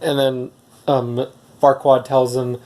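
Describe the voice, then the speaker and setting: Brief: everyday guy retelling a movie plot, rambling and unsure, middle-of-the-road pitch. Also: flat delivery, takes it slowly, a little mellow. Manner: rambling, hesitant, many ums and restarts. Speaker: movie reviewer. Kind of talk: casual film recap.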